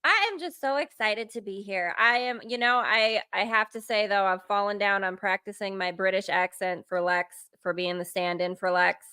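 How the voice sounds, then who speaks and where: Bubbly American woman co-host, bright voice. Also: medium pitch, steady tone, moderate pace, hardly any pauses, clear, resonant tone. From United States. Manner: eager and bubbly, stumbling over her words. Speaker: guest co-host. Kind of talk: casual chat.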